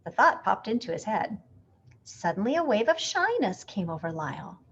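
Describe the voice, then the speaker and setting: A woman reading a picture book aloud with expressive, animated storytelling. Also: medium pitch, moderate pace, dull audio, a little hiss or hum.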